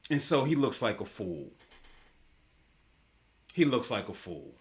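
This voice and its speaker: A man's voice: on the low side, big pitch swings, measured pace, a little mellow. A man hosting a live online talk show, giving casual commentary in an emphatic, slangy way and repeating his points for effect.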